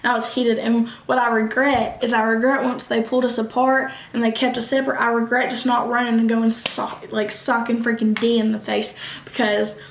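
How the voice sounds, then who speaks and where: A young woman, telling a casual storytime vlog, animated and quick, acting out what others said. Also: fairly high pitch, a little hiss or hum. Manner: animated, quick bursts, acts out quoted voices. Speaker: vlogger. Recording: echoey room.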